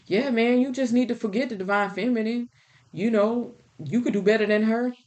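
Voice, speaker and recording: A woman's voice: on the high side, moderate pace, a little mellow, dull audio, a little hiss or hum, voice pushed up, natural voice. A woman doing a cocky young buddy. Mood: persuasive. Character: young man, a cocky buddy giving advice.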